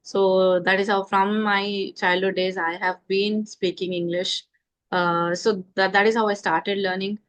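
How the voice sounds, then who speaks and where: A woman in her thirties from India with an Indian accent, a confident and measured guest giving her views in a casual conversation about speaking English. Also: mid-range voice, flat delivery, fairly bright tone. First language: Indian mother tongue.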